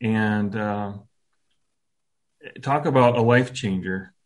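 A man in his fifties telling a personal story as an interview guest, reflective and halting, with soft self-deprecating humor. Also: lowish voice.

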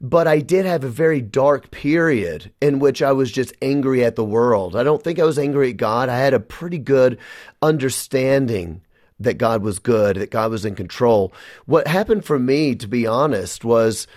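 A man's voice: mid-range voice, normal speed, darkish tone, no room sound. Man guest, earnest testimony, dry close studio mic. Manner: earnest, emotional storytelling. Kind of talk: personal testimony in a radio interview.

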